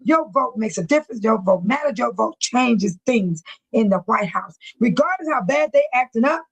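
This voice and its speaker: Older woman, higher voice, dry close sound, chatty livestream host, laughs a lot. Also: lively intonation, moderate pace, husky, no room sound, highs cut off. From United States. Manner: chatty, laughs often, calls herself by her channel name. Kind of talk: casual livestream chat, reading comments.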